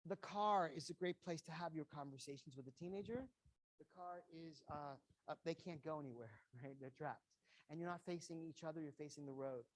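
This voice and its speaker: A man's voice: fairly high pitch, brisk. A man giving an earnest lecture to parents, stressing his points by repeating them and acting out short quoted exchanges. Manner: earnest, emphatic, repeats key phrases; acts out little quoted exchanges. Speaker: guest educator speaking to parents. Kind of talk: motivational lecture with slides.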